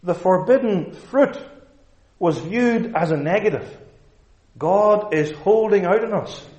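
A man's voice: high-pitched, expressive, slow pace, a little mellow. A man preaching a sermon in a church, emphatic and fond of rhetorical questions. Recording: echoey room.

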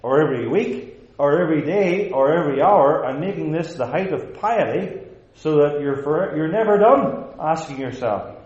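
A man's voice: a little high, animated, moderate pace, a little mellow. Emphatic preacher man in a roomy church. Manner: emphatic, rhetorical repetition. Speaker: pastor. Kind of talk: sermon. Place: church sanctuary. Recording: roomy, dull lo-fi recording.

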